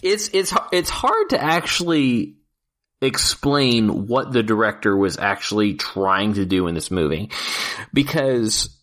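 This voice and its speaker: Guy on a podcast gushing about weird movies, lowish voice, swears a lot, laughs a bunch. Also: measured pace. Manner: excitable, swears freely, laughs often, many fillers. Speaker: podcast co-host reviewing films. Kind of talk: casual chat.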